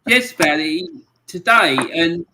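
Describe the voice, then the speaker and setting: A man's voice: on the high side, normal speed, noisy background. A man co-hosting a casual fan chat, telling a reminiscing story in an easygoing, chatty way. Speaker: co-host of a fan podcast.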